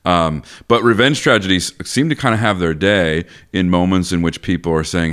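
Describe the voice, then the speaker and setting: Casting: man, very low smooth voice, chatty co-host talking plays. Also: moderate pace. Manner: animated, thinks aloud with restarts and laughs. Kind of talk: casual literary discussion.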